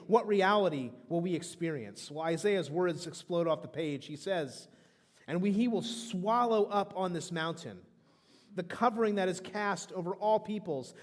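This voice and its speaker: Man in his thirties, pastor delivering an emphatic sermon; higher voice, big reverberant church hall. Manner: emphatic preaching with frequent restarts. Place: church sanctuary.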